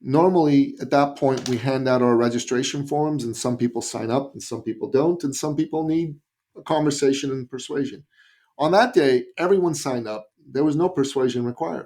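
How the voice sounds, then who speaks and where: A middle-aged man from Canada tells a story as a podcast guest. He speaks in an animated way with a mid-range voice. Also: medium pitch, vocal fry. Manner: animated, acts out quoted voices.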